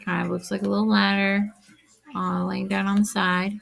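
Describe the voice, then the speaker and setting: A woman's voice: medium pitch, flat delivery, moderate pace, vocal fry, rough recording. A woman teacher recording a math lesson, speaking straight to her students, counting aloud and checking that they follow.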